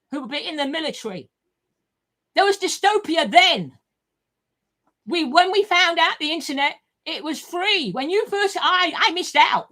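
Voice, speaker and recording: Older woman, high and very animated, swearing and rambling vlog monologue. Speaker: vlogger.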